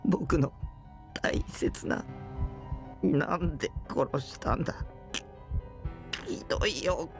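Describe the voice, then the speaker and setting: A man's voice: fairly high pitch, takes it slowly, over music, pitched above the performer's own voice. A man voicing a terrified, stammering teenage boy in a game reading. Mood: frightened. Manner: stammering, pleading.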